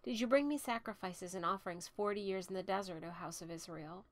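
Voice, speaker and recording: A woman reads scripture aloud at a steady, unhurried pace in a mid-range voice. Her delivery is measured and even. She goes quieter on the speaker tags and lifts her voice for the stern passages. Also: mid-range voice, dry recording. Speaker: scripture reader.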